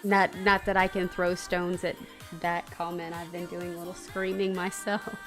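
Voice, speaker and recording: A woman's voice: on the low side, level tone, normal speed. A woman streamer in a casual livestream chat, chatty and giggly, rambling with fillers. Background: soft background music.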